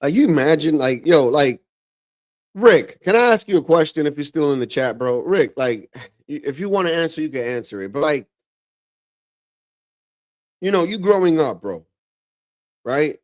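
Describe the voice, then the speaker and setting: Hosting a livestream, this man reacts in loose, slangy commentary and addresses everyone as "bro," tossing out animated asides. His pitch is fairly high, and he moves at a moderate pace with long pauses.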